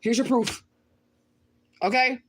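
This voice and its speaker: A woman's voice: a little high, steady tone, slow pace, slight background noise. A woman hosting her own channel, reading viewer comments and answering them in blunt, profane outbursts, often repeating her lines. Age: adult with children. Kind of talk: livestream chat.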